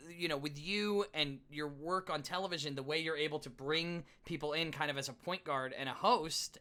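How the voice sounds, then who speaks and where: A male podcast host with a very bright, crisp-edged voice. He sits slightly high in pitch and asks earnest, complimentary questions in a casual interview.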